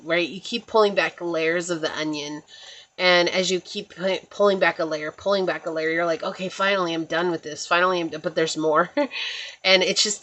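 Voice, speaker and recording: A woman's voice: lowish voice, fairly bright tone. A woman giving a casual spiritual tarot reading, chatty and meandering, reassuring her listeners and often checking in with "right?". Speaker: tarot reader.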